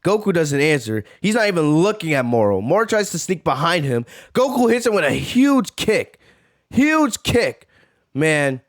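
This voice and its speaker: Excitable male reaction-video host, casual slang, high and very animated voice. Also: normal speed. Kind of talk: live reaction commentary.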